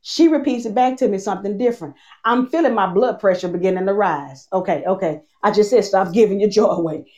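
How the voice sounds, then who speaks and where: A woman preaching a sermon, repeating phrases, asking the congregation questions and slowing down for emphasis. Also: mid-range voice, darkish tone.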